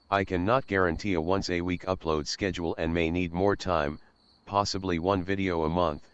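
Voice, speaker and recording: A man's voice: deep voice, fairly bright tone, smooth, no room sound, muffled recording. A young man reading a scripted, earnest announcement about his channel as its host.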